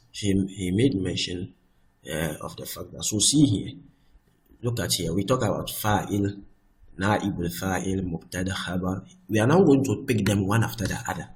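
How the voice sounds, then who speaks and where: A man's voice: low voice, a little slow, rough recording. Man teaching grammar patiently. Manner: repeats "I hope that is clear", explains patiently step by step; slips between English and Arabic example sentences. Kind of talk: recorded grammar lesson.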